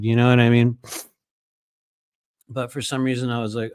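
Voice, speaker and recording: A man's voice: medium pitch, moderate pace, pauses often, clear, resonant tone, no echo. Rambling middle-aged man telling a story. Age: 50s. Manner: rambling, repeats phrases, many fillers. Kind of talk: casual storytelling to viewers.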